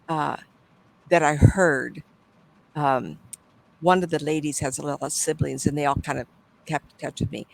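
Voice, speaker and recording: An older woman, a psychic medium, telling stories in a casual interview, animated and acting out the people she quotes, often trailing off and starting over. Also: low-pitched, vocal fry, low-quality recording. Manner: animated, acts out quoted voices, trails off and restarts.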